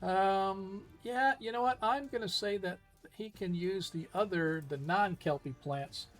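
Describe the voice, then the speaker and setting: A man's voice: sits high, unhurried, faint music behind. A man running an online tabletop game as game master, casual and hesitant, often laughing.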